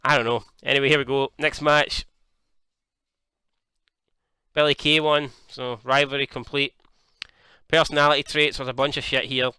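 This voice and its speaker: Young Scottish-born man, gaming commentator: bright, clean voice, dry close sound, excitable and sweary. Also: medium pitch, fairly quick, clean tone, dry recording. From Scotland. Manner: excitable, swears freely, jokey. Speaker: gaming YouTuber. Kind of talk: casual game commentary.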